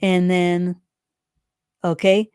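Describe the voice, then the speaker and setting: A woman teaching a live online reading class, patiently repeating each explanation step by step and reading sentences out slowly. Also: on the low side, completely flat delivery, darkish tone, clean tone, no room sound, clean studio sound. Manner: reads sentences out slowly and deliberately.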